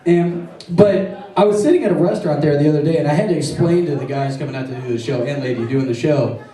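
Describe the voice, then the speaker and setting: On a comedy stage before a live audience, a man does a stand-up set of crude, rambling jokes with self-deprecating asides. He talks fast in a fairly high, mellow voice, recorded in an echoey room with the mic at a distance.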